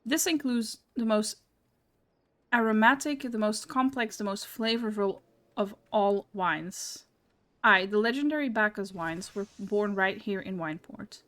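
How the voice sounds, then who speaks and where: A woman reading a game townsperson's dialogue aloud in a measured, storytelling way. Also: medium pitch, a bit bright, natural voice. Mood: wistful.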